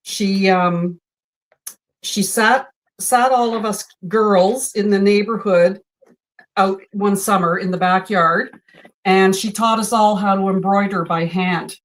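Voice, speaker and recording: A woman in her sixties talks casually as she sews, wandering through stories at an easy, chatty pace. Her voice sits at an ordinary middle pitch. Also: fairly even intonation, slow pace. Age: 60s. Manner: chatty, storytelling. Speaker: host. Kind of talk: casual chat while sewing.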